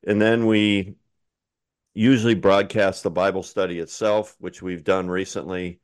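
A man co-hosting a casual podcast chat, relaxed and encouraging, with frequent fillers. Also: deep voice, unhurried, clear, resonant tone, no room sound, clean studio sound. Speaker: podcast co-host.

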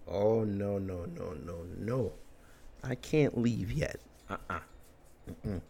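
A man's voice: on the low side, animated, takes it slowly, vocal fry, long pauses, a little mellow, slight background noise. A man hosting a commentary show, ranting bluntly and emphatically with crude language. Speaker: commentary host.

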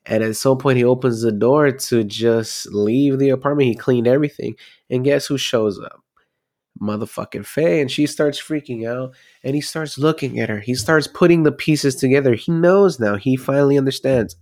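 A man's voice: mid-range voice, brisk, darkish tone. A man casually recapping a film plot, rambling and swearing freely as he goes.

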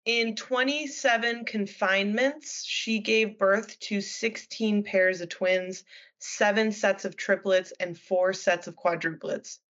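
A woman in her twenties co-hosting a casual chat, teasing her friend with quick banter. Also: medium pitch, steady tone, fairly bright tone. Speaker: co-host. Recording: dull lo-fi sound.

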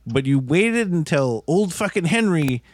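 A man's voice: fairly high pitch, measured pace. A man co-hosting a movie podcast, talking casually and swearing a lot, often slipping into silly impressions. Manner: animated, profane, does goofy impressions. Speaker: podcast co-host.

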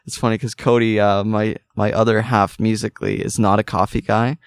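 A man's voice: on the low side, little pitch movement, a little fast, smooth, dry recording, studio quality. A young man, a musician guest, chatting casually in an interview, rambling with many fillers and restarts.

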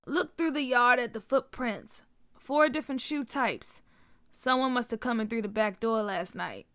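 A woman voicing a protective father who speaks in a calm but stern, measured way. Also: fairly high pitch, clean tone, dry recording, clean studio sound. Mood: urgent.

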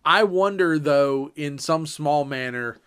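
A man's voice: on the high side, slow pace, a bit bright, clean tone. A man co-hosting a casual podcast, giving short reactions and musing asides. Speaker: podcast co-host. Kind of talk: casual chat.

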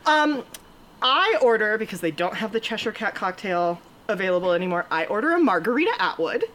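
A woman's voice: medium pitch, very animated, brisk, fairly bright tone, a little hiss or hum. A woman telling a comic story on stage at a live show, chatty, laughing often and acting out what people said. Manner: chatty, laughing often, acts out quoted lines. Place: stage before a live audience.

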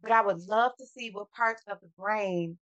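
A woman's voice: mid-range voice, normal speed, a bit bright, highs cut off. A woman who hosts a podcast and speaks in casual conversation, giving frequent short supportive agreements. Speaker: podcast host.

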